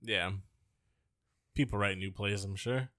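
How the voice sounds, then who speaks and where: A man's voice: lowish voice, a little slow, a bit bright, no room sound, clean studio sound. Crude, rambling podcast co-host man. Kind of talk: casual comedic chat.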